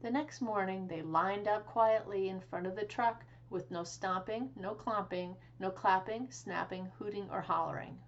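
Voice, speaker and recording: A woman librarian reading a picture book aloud for children, slow and expressive with sing-song animal sounds. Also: medium pitch, lo-fi sound. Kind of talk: children's storytime read-aloud.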